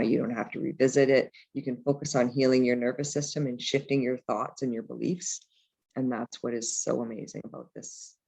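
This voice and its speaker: A woman's voice: a bass voice, a little mellow. A woman therapist giving a casual, chatty talk over slides. She often checks in with the listener by asking "right?". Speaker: trauma therapist. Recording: dull lo-fi recording.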